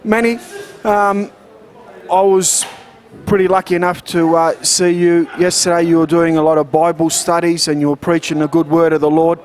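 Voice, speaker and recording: A man's voice: a little high, flat delivery, moderate pace. Upbeat male boxing show host. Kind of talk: interview.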